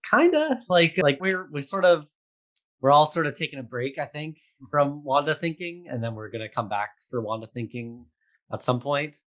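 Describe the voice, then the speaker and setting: A young adult man speaking as a guest in a casual interview. He rambles along with a steady stream of fillers and breaks into laughter often. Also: a little high, moderate pace. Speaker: theatre maker guest.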